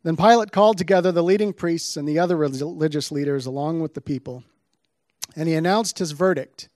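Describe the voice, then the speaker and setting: A man's voice: fairly high pitch, fast, a little mellow, no room sound, clean studio sound. A man giving a sermon, reading scripture aloud with dramatic emphasis on the quoted lines before explaining the passage. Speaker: preacher.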